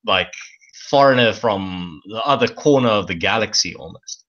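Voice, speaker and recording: A relaxed South African man, a native Afrikaans speaker, chats as a guest over a dull, lo-fi line. His fairly low voice still sounds bright and clear-edged. His accent leans toward English South African, and he laughs easily. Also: normal speed. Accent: South African, softened toward English South African. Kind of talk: casual conversation.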